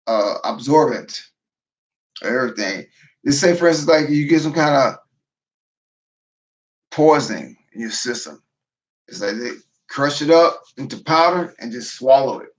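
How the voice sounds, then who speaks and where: A man talking casually to his viewers on a livestream. He sounds tired and low on energy, and he often repeats and restarts phrases as he goes. His voice sits at a middle pitch. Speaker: livestream host, veteran prepper.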